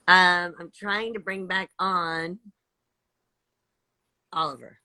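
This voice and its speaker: A woman's voice: on the low side, steady tone, slow pace, pauses often, bright, forceful tone. An older woman chatting emotionally on a live stream, gushing and rambling with many restarts. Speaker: livestream host.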